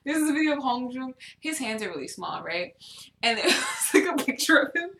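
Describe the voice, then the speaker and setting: A woman's voice: high voice, a little fast, roomy sound. A young woman co-hosting a casual podcast, telling a story with lots of swearing and laughter. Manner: animated storytelling, swears a lot, laughs often. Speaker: podcast co-host. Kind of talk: casual chat.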